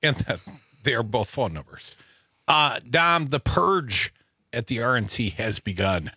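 A man hosting a talk radio show, loose and energetic as he banters. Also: mid-range voice, measured pace, slightly rough, no room sound, clean studio sound.

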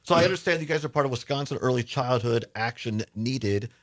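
A man's voice: medium pitch, brisk. A man hosting a political talk radio show, interviewing guests in a conversational, indignant manner.

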